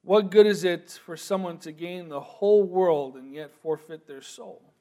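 A man preaching a sermon, moving from quiet, thoughtful asides to loud, emphatic proclamation. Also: high-pitched, a little slow.

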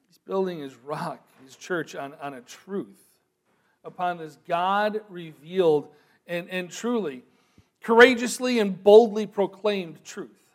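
A man preaching a sermon, moving from quiet, thoughtful asides to loud, emphatic proclamation. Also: sits high, slow.

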